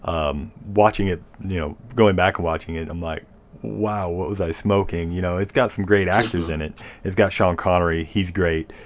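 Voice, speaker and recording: A man's voice: low-pitched, moderate pace, hardly any pauses, slight background noise. A man chatting casually as a podcast co-host, opinionated and rambling, swearing freely. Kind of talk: casual chat.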